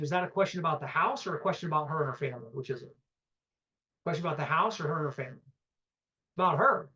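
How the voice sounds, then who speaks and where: A man's voice: sits high, bright, forceful tone, highs cut off. A man teaching a live real estate seminar, telling stories and acting out both sides of phone calls, often asking the room questions.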